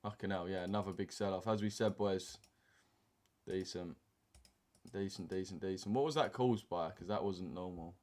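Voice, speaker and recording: A man's voice: deep voice, moderate pace, darkish tone. A young man, hosting a trading live stream and chatting casually with viewers in slang while reading the chat aloud. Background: keyboard typing and mouse clicks.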